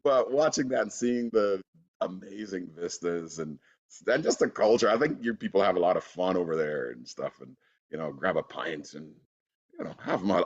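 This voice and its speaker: A relaxed man chats as an interview guest, laughing easily and filling gaps with "you know". His voice sits low, and the audio sounds dull and lo-fi. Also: normal speed, husky. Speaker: actor guest. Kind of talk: casual interview.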